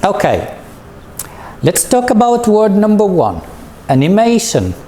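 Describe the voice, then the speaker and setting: A man's voice: high-pitched, huge pitch swings, warm tone, a little hiss or hum. A man teaching an English lesson to students, speaking patiently and asking them questions. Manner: patient, drawn-out, leads with questions. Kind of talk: slow recorded classroom lesson.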